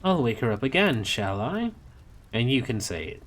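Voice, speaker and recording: A man's voice: mid-range voice, very animated, moderate pace, pitched above the performer's own voice. A man voicing a sly, cynical male demon who talks in a snappy, sarcastic way.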